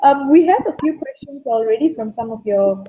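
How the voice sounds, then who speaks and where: A woman's voice: fairly high pitch, lively intonation, fairly quick, warm tone, husky. A woman hosting a live video call who talks in a hesitant way with many fillers. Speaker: host. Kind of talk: casual chat. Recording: dull lo-fi video call audio.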